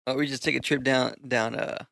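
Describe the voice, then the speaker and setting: Gravelly, bright man chatting and laughing. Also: medium pitch, fairly even intonation, fast, dry recording, clean studio sound. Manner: laughs a lot, rambles with restarts. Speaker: podcast co-host. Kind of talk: casual chat.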